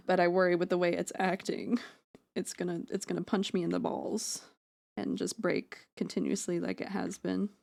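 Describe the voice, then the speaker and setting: A woman's voice: on the low side, flat delivery, moderate pace, gravelly, a little mellow. A woman streamer talks loosely into a close microphone at home. She rambles, makes jokes at her own expense and swears freely. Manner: rambling, self-deprecating, swears freely, jokey asides. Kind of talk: casual live-stream chat while drawing. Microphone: close streaming mic.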